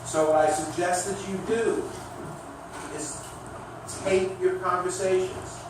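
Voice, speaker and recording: Man teaching a sales class, fairly high voice, very echoey room, distant mic, noisy background. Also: slow pace. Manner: animated coaching, demonstrates with his voice. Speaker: sales trainer. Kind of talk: classroom lecture. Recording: echoey room recorded from far off.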